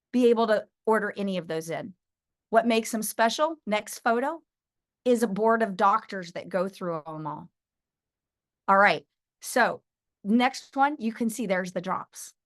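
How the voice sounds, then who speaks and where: A woman trainer teaching her team, telling stories and acting out phone calls with lively energy. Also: fairly high pitch. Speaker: sales trainer.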